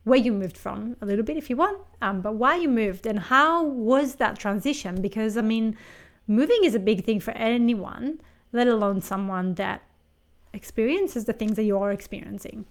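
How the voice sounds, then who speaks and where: A woman interviewer asking reflective questions and responding in a thoughtful, measured way. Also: fairly high pitch, lively intonation.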